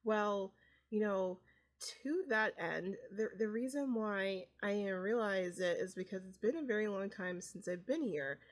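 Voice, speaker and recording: A woman voicing a sheepish middle-aged father in a life-sim game, talking haltingly and stammering through a confession. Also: mid-range voice, close to an everyday voice. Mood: earnest. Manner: hesitant, stammering.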